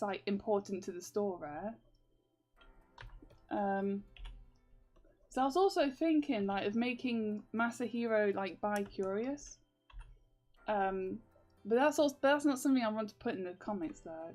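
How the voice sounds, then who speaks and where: A woman's voice: medium pitch, a little mellow. A young woman chats on a stream in a mid-range voice, rambling with many fillers and frequent laughter. Faint music plays behind her. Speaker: comic artist streaming. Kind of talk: casual livestream chat.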